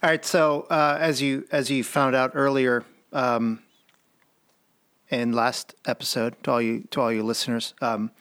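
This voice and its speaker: A middle-aged man co-hosting a podcast, easygoing and a bit halting as he chats. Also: mid-range voice, level tone, a bit bright, clean tone. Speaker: podcast co-host. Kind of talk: casual chat.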